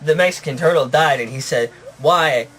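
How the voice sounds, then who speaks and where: A man narrating a made-up puppet story off the cuff, his voice slightly high. He keeps a deadpan tone and keeps breaking into laughter, with a faint hiss behind him. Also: normal speed.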